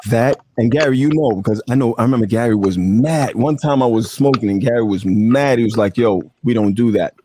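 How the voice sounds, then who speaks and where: A man hosting a casual chat, telling stories in an animated way and laughing often. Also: medium pitch, a little fast, few pauses, a little hiss or hum. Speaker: host.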